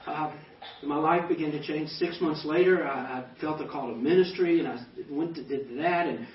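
A pastor giving a personal testimony to a banquet audience, telling it as animated stories with self-deprecating humor. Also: male voice, fairly high pitch, normal speed. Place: banquet hall. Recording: echoey hall, distant mic, dull sound.

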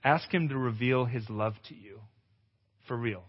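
A male pastor giving a testimonial sermon at a conference, an animated storyteller who acts out dialogue and exclaims loudly. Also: medium pitch, a little slow, slightly rough. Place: conference hall. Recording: echoey hall, dull lo-fi sound.

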